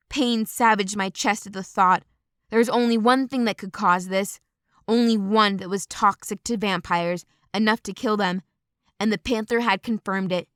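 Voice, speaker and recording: An audiobook narrator reads a novel aloud in the first person, measured and expressive. Her mid-range voice is clear and resonant, recorded in studio quality with no echo.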